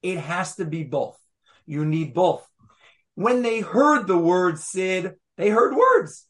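A man with a high-pitched, expressive voice teaches Torah to a small group at a measured pace. He reads verses aloud and presses his listeners with rhetorical questions in an animated text study.

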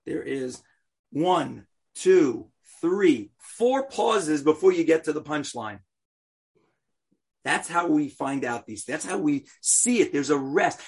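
A man teaching a scripture lesson in an unhurried, deliberate rhythm, his voice a little husky. He stays chatty and animated, breaking off for jokes and chanting passages aloud. His voice sits a touch high for a man. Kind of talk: text study class, chanting scripture.

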